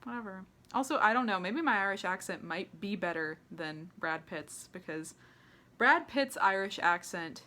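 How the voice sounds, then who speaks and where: With a bright, forceful tone at medium pitch, this young woman from the US reviews movies by ranking them. Her commentary is casual and sarcastic, full of laughter and the word "like."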